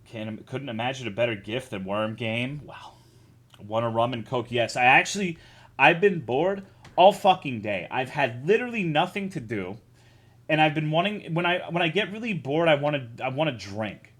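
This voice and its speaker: Male streamer, casual, swears a lot, joking, mid pitch, desk mic. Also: expressive, normal speed, a bit bright. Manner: profane, joking, greets chat by name. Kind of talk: casual live-stream chat.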